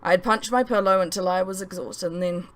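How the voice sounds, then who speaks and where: A woman's voice: fairly low pitch, a little fast. Woman reading her own novel aloud. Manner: expressive first-person storytelling. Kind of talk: audiobook narration.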